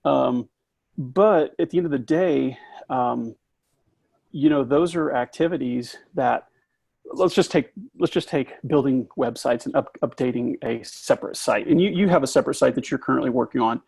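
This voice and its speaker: Gravelly-voiced man coaching on money. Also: mid-range voice, darkish tone, no echo. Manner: halting, many restarts, explains step by step. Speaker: business coach interviewing a maker. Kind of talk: casual coaching conversation.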